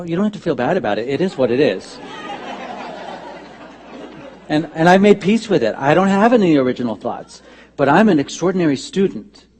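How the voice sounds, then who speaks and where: In a church sanctuary, a minister gives a conversational, humorous sermon full of animated asides. His voice is medium-pitched, with slight background noise.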